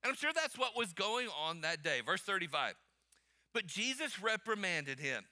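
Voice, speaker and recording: A male pastor preaching a sermon emphatically, calling on the congregation to answer out loud. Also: high-pitched, very animated, moderate pace. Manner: emphatic, calls for congregation responses.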